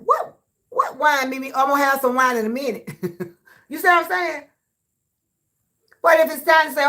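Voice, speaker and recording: Woman, high voice, brash, laughing, trash-talking livestream host. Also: normal speed, long pauses, sharp tone. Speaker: livestream host reading chat. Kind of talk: casual livestream chat.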